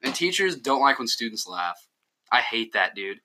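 Bright-sounding teen dude on a podcast w friends, joking, always laughing. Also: male voice, mid-range voice, very animated, normal speed. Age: teens. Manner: joking, laughs a lot, talks over others. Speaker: podcast co-host. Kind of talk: casual chat.

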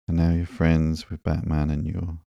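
A man's voice: extremely low pitch, completely flat delivery, moderate pace, gravelly, mellow, no room sound, dull audio. A man reading as a guilty young ex-henchman. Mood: earnest, guilty. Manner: earnest, hesitant.

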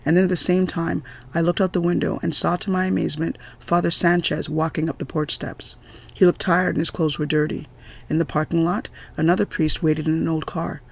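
A man reading a novel aloud in an amateur audiobook, with occasional stumbles and restarts. His voice is gravelly and husky, pitched somewhat high for a man. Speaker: audiobook reader.

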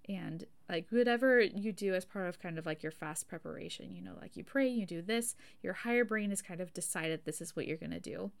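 A woman's voice: mid-range voice, animated, a little fast, creaky, hardly any pauses. A woman hosting a casual religious teaching podcast, talking in a chatty, self-deprecating way, with frequent laughs and fillers. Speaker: podcast host.

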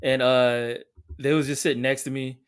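A man co-hosting a podcast, telling rambling, profane stories with halting fillers. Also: mid-range voice, flat delivery, clean tone. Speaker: podcast co-host. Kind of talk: casual storytelling chat.

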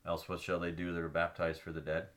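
Low-voiced man reading and explaining. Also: monotone, fairly bright tone. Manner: explains earnestly, pauses with ums to find passages. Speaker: podcast co-host. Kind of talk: casual religious discussion, reading scripture aloud.

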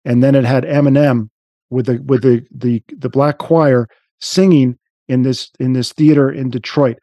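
Mellow-voiced man chatting casually. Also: medium pitch, fairly even intonation, normal speed, dry recording, lo-fi sound. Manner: rambling, frequent restarts and fillers. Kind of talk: casual chat.

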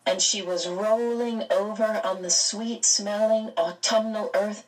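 A woman narrating a storybook aloud in a slow, expressive reading. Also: mid-range voice, far from the mic, poor audio. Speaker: audiobook narrator.

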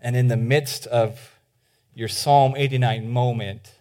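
A man preaching a sermon as pastor, earnest and conversational with many restarts, dropping to a hushed voice for appeals. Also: mid-range voice, fairly even intonation, measured pace. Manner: drops to a soft, hushed voice for appeals.

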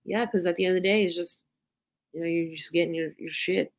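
Woman podcast cohost, kinda low voice, swears a lot, tells stories all animated. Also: fast. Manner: swears freely, animated storytelling. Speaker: podcast co-host. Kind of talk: casual chat.

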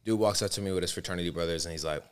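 A man with a very low voice tells a story with lively, loose energy. He swears freely and talks in an easy chat. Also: rapid-fire, clear, resonant tone. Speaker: podcast co-host. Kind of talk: casual chat.

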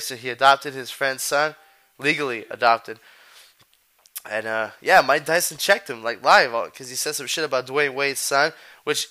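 A male podcast host with a pushed, bright, mid-range voice chats casually. He talks in loose, profane street slang, rambling from one thought to the next.

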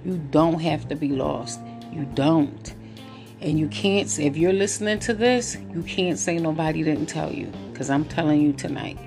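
A woman's voice: deep voice, moderate pace, creaky, over music. A woman hosting a relationships podcast, talking casually and laughing, then turning to earnest encouragement. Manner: chatty, laughs often, preachy encouragement. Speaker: podcast host. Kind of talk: casual late-night monologue.

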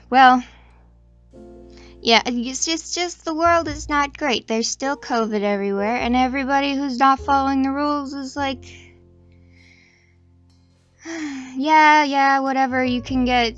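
A woman's voice: fairly high pitch, highs cut off. A young woman in her twenties chatting casually, meandering and self-deprecating, often restarting her sentences. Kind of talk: casual rambling chat.

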